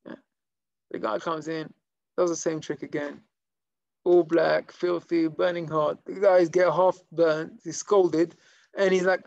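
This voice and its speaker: Animated gravelly rabbi telling stories. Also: male voice, fairly high pitch, a little slow, no room sound, dull audio. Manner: animated, conversational storyteller with many fillers. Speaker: rabbi teaching a class. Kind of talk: storytelling Torah lesson to a live group. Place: room with a small live audience.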